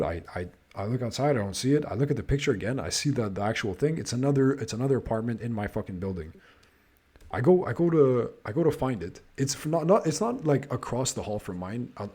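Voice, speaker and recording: A man's voice: mid-range voice, dark tone, husky. A man hosting a podcast, telling a casual story, swearing nonstop and sounding exasperated as he restarts his sentences. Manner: profane, swears constantly. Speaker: podcast host.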